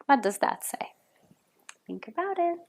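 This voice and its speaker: Slow, patient woman teaching Spanish. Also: high voice, big pitch swings, vocal fry, roomy sound. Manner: slow, patient, repeats words for students to copy. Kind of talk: classroom lesson for children.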